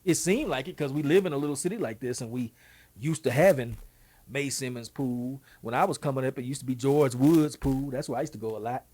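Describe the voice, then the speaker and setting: Husky Texan man, animated host. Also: mid-range voice. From Texas. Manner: animated, folksy, quick asides. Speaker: show host. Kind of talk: casual monologue.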